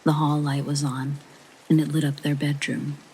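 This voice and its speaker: A narrator reading a first-person paranormal story in a soft whispered sleep-story style, with a breathy half-whisper. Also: mid-range voice, flat delivery, moderate pace, slight background noise, rough recording.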